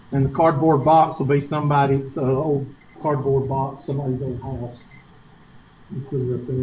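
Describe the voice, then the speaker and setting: A college math teacher from Upstate South Carolina lectures in a chatty, joking manner with a Southern accent, asking the class rhetorical questions. He has a medium-pitched, darkish voice. The audio has its highs cut off and carries a little hiss or hum.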